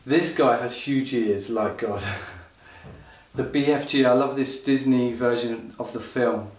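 A man preaching a livestreamed church sermon with impassioned delivery, at times rising into loud pleading cries. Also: medium pitch, steady tone, a little slow. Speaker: pastor. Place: church hall. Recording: roomy hall sound from a distant mic.

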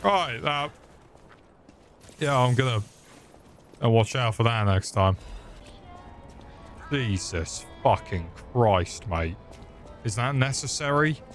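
Give me a grumbling, foul-mouthed young man doing unhurried gameplay commentary over game music. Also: mid-range voice, animated. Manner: sweary, grumbling, crude joking. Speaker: game streamer.

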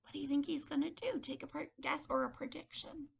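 Captured by a laptop mic indoors at a table, a female preschool teacher guides little kids through circle time with patient, sing-song prompts. Her high-pitched voice is steady in tone, brisk, and carries vocal fry.

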